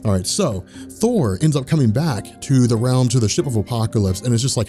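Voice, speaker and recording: A man's voice: mid-range voice, lively intonation, fairly quick, few pauses, warm tone, faint music behind. A man casually retelling a comic story as host, rambling with lots of fillers and slang.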